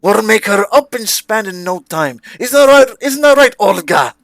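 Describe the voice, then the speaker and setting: A man voicing a fussy, excitable elderly toymaker who calls people darling and dearie. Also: a little high, moderate pace, no echo, clean studio sound. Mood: doting.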